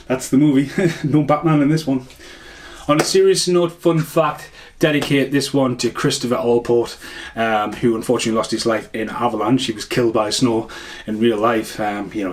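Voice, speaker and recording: Bloke ranting about a movie, loads of swearing, mid-pitched voice, goes off on tangents. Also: male voice. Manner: rambling, swears a lot, laughs at own jokes. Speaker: film reviewer. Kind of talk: casual movie review rant.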